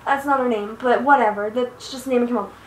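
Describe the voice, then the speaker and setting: A teenage girl rants with profane exasperation in a bright, high voice. She rambles from point to point, recorded on a handheld device's built-in mic in an echoey room. A faint hiss sits under her voice. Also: steady tone, quick pace. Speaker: vlogger. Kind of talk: angry personal rant. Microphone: iPod built-in mic.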